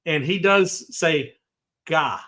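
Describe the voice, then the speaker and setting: A man's voice: a little high, slow, pushed and bright. Rambling man hosting a livestream. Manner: rambling, talks to chat viewers by name. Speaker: livestream host. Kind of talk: casual livestream chat.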